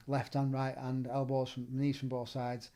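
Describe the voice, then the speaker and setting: A middle-aged man with a Northern English accent, telling stories in a relaxed chat as a gym owner and trainer, acting out the lines he quotes. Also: medium pitch, normal speed. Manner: animated, acts out quoted dialogue. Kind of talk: casual storytelling.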